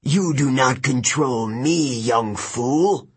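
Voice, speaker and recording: A man voicing an arrogant old male spirit, a ghost king, in an audiobook, speaking slowly, loudly and with a sneer, with a breathy voice. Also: expressive, exaggerated voice. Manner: slow, booming, sneering.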